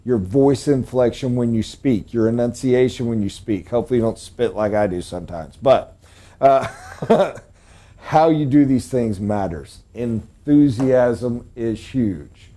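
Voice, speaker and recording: A middle-aged man giving a live sales training lecture, emphatic and animated, jumping up in pitch to stress points. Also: measured pace.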